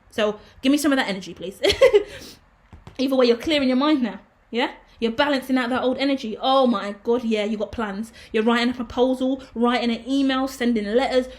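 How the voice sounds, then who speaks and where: A woman giving a casual tarot reading, emphatic and preachy, swearing freely. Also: a little high. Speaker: tarot reader.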